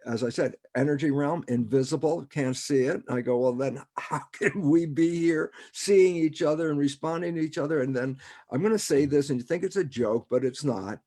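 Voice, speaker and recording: A man's voice: on the high side, normal speed, warm tone. A man on a video call, explaining in a conversational way and often chuckling as he asks himself rhetorical questions. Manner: rhetorical, keeps asking himself "why is that relevant?". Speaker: guest speaker.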